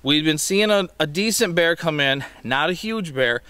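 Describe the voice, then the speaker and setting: A man's voice: a little high, animated, normal speed, bright, forceful tone, clean tone, no echo. A man hosting a hunting show, telling the backstory in a matter-of-fact way.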